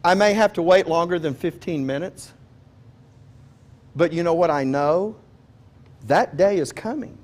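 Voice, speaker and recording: A man's voice: a little high, a little slow, long pauses, darkish tone. A man preaching a sermon in a conversational, joking way, often asking his listeners questions. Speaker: pastor.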